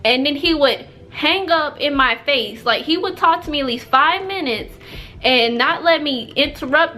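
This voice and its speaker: A woman's voice: high-pitched, pushed and bright, a little hiss or hum. A young woman telling a storytime vlog in a chatty, emphatic way, packed with fillers. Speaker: vlogger.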